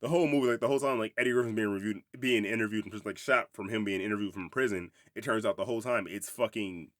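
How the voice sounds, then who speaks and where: Young man, podcast host, low voice, rapid and rambling, swears freely, dry close sound. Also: a bit bright, no echo. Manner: rambling, profane, laughs often. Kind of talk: casual movie review chat.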